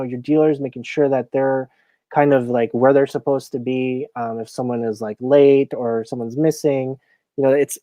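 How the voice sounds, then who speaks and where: Heard without echo, a man of medium pitch appears as a guest in a casual interview. He supervises a casino floor and retells his stories with animation, chatting away and leaning heavily on fillers.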